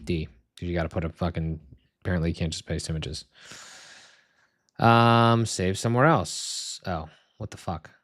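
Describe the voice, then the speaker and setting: Low-voiced man muttering through frustration. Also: fairly even intonation, normal speed, pauses often, fairly bright tone, no room sound, studio quality. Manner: frustrated muttering, frequent swearing. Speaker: streamer setting up software live. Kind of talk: live stream, talking to himself and viewers.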